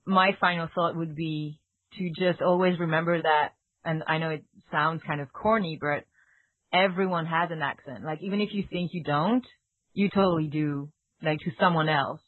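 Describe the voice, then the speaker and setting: A woman with a strong French accent, co-hosting a casual chat and talking in halting bursts with restarts. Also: deep voice, steady tone, dry recording. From France. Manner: halting, many restarts and fillers. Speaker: podcast co-host. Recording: tinny phone-like line, dry.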